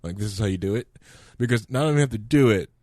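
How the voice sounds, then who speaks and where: A man's voice: on the low side, a little mellow, no echo, clean studio sound. A man co-hosting a podcast, rambling jokily about tech setups in casual banter. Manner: rambling, jokey, quick tech talk. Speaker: co-host. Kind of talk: casual pre-show banter.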